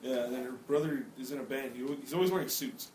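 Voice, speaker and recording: A teenage young man telling crude stories in casual podcast chat, with halting restarts. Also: medium pitch, a little mellow. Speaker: podcast co-host. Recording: echoey room, off-mic, background noise.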